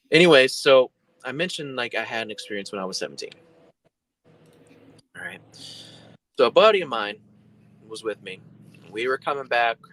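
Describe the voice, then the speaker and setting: Lively, bright-voiced male storyteller. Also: lowish voice, low-quality recording. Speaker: guest. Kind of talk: casual storytelling.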